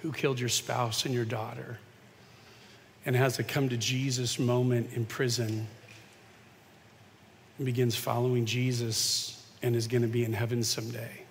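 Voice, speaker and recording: A man preaching a sermon in a conversational way, moving from hushed asides to emphatic points. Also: medium pitch, flat delivery, moderate pace, gravelly, pauses often, slight background noise. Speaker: pastor. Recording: long reverb of a large hall.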